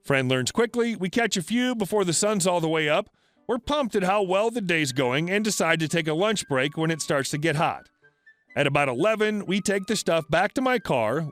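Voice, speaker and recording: A man with a high voice narrates stories in a steady, scripted read. His delivery stays even from line to line. Faint music plays quietly beneath him.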